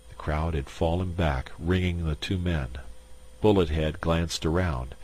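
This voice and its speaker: A man reading a science fiction short story aloud in a measured narration. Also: low-pitched, a little mellow. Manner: slow, measured.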